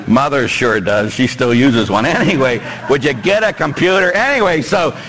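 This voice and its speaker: A man's voice: moderate pace, rough recording. A man with a Pittsburgh accent, a priest preaching a joking, emphatic sermon to his congregation in a church. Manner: animated, joking with congregation, rising emphatic pitch.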